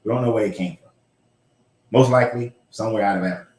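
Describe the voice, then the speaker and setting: A man talking in a blunt, rambling way, with the odd curse and laugh. His voice sits a little low. He is heard in a room with a noticeable echo. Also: quick pace, a little mellow. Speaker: host. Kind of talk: casual livestream chat.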